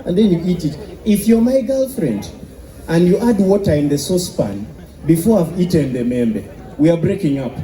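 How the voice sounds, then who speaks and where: A man from Uganda with a Ugandan English accent, doing stand-up comedy with animated storytelling. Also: a little high, normal speed, echoey room, some chatter behind, rough recording. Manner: animated storytelling with sung bits.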